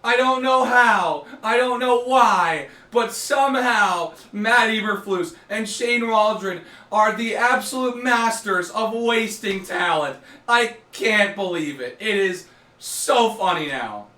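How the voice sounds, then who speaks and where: A man's voice: high-pitched, takes it slowly, pushed and bright, distant mic. Laughing mocking man in echoey room. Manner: mocking, keeps breaking into laughter. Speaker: sports fan reaction host. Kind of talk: casual rant to camera. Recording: echoey room, voice away from mic.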